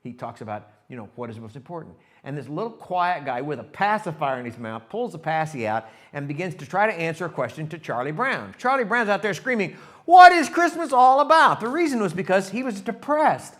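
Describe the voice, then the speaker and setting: A man's voice: on the high side, fairly quick, few pauses. A male pastor preaching a sermon, telling a story with animation and talking straight to his congregation. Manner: animated storytelling, shifts to hushed reflection; talks directly to the congregation.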